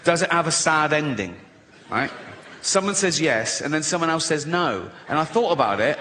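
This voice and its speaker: A man's voice: fairly high pitch, expressive, moderate pace, pushed and bright, long reverb tail, slight background noise. A man, a comedian, telling comic stories, swearing freely and laughing at his own jokes. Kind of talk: stand-up style comic storytelling.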